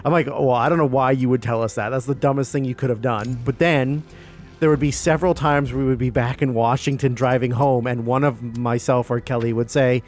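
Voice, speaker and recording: A man's voice: mid-range voice, brisk, soft background music. A man telling a long, casual story on a stream, doing the voices of the people he quotes. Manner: lively storyteller who acts out quoted voices. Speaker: stream guest.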